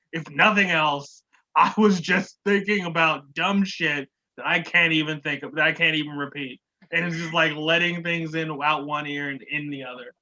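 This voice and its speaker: Joking, swearing man podcast host. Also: a little high. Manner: animated, joking, swears freely, laughs often. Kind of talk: casual TV recap chat.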